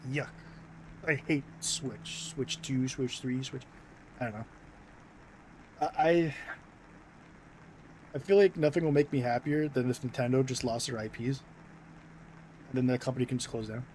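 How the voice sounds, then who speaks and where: Rambling young American streamer. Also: male voice, medium pitch, steady tone, measured pace, long pauses, darkish tone, slight background noise, low-quality recording. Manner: rambling, filler-heavy, self-interrupting. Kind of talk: casual stream chat.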